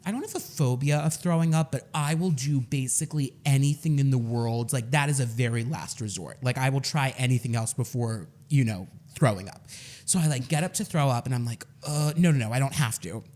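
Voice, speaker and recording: A young man co-hosting a podcast, telling a story in a casual, animated way and laughing often. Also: mid-range voice, fairly quick. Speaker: podcast co-host.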